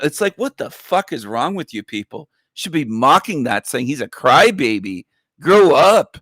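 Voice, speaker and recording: A man's voice: sing-song, normal speed, vocal fry, fairly bright tone, no echo, clean studio sound. A man hosting a livestream show, ranting in a mocking, profane, combative way and slipping into sarcastic whiny impressions. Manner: sarcastic, with falsetto whining impressions.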